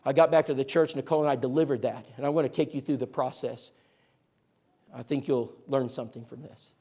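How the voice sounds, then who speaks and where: A man training a church group in outreach, telling stories in a lively, joking way and speaking to listeners directly. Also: medium pitch, a little fast. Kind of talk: animated storytelling talk to a church group.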